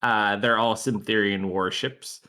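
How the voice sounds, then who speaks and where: A man narrates as game master of a tabletop game, relaxed and full of "like" and "um". His voice sits low but has a bright, pushing edge to it. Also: measured pace. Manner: loose, filler-heavy narration.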